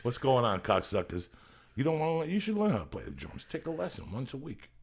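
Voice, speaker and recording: A man's voice: medium pitch, huge pitch swings, fairly quick, gravelly, slightly rough. A man in his fifties hosting a podcast, chatting casually in a boisterous, profane way. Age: 50s. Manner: boisterous, swears constantly, loud hype shouting. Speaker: podcast host. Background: rock music playing.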